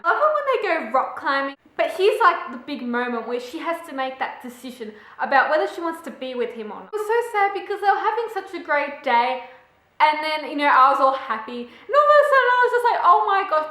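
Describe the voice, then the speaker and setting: A woman's voice: high voice, pushed and bright. A young woman, chatting in a gushing way as she reviews a book for her vlog. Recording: echoey room.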